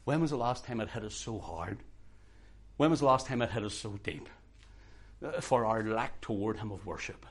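A man preaching a sermon with passion, moving from hushed, quiet passages to loud, urgent outbursts. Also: on the low side, normal speed, slightly rough. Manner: impassioned, swings from hushed to shouting.

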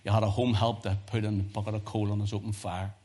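A male preacher with a lowish voice talks fast through a sermon packed with personal testimony. He's animated, shifting between loud emphasis and hushed tones.

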